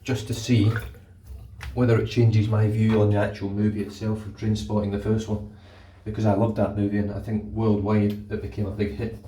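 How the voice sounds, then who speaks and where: A lower-voiced man talks about his reading in a loose, rambling way and swears casually as he goes. He sounds a little distant from the mic, and the hard bathroom walls give him a hollow echo. Running tap water is clearly heard behind him. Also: little pitch movement, normal speed, warm tone, slight background noise. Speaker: vlogger. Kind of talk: casual chat.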